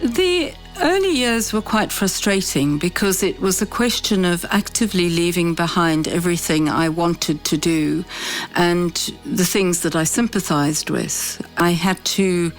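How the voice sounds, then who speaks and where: A middle-aged woman, speaking in a thoughtful, measured and candid way as an interviewee. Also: on the low side. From South Africa. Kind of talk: reflective interview testimony.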